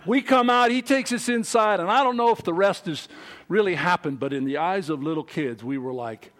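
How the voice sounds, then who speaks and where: A middle-aged man preaching a sermon, telling a childhood story in an animated way, swinging from loud to quiet. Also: sits high, moderate pace. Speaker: pastor.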